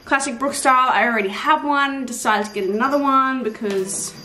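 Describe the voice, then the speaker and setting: A woman's voice: high voice, brisk, reverberant, noisy background. A young Australian woman vlogging casually at home, chatty and rambling, joking and swearing offhand. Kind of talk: casual day-in-the-life vlogging. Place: home, indoors.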